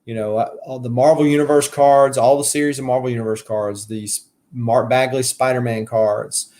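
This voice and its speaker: This is a man with a Southern US accent, chatting casually on a live stream about his collecting hobby. His voice sits at an ordinary middle pitch. He rambles, fills his sentences with "uh" and "you know", and stops to answer viewers' comments. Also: steady tone, moderate pace, warm tone. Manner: rambling, many fillers and restarts. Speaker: collector channel host.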